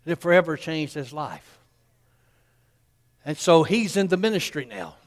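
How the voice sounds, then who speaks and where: A man's voice: a little high, sing-song, moderate pace, big-room sound. A man, preaching a sermon in a folksy storytelling way and acting out the people in his story.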